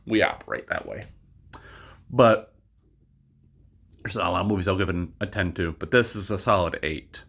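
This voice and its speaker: A man's voice: low-pitched, normal speed, creaky, long pauses, fairly bright tone, slightly rough. A young man giving a casual spoken movie review, rambling, swearing freely and drifting off on tangents. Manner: rambling, profane, goes off on tangents.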